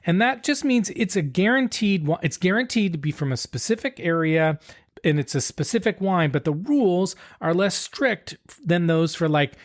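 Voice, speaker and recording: A man's voice: high-pitched, lively intonation, moderate pace. Laid-back man explaining as podcast co-host. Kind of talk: casual podcast chat.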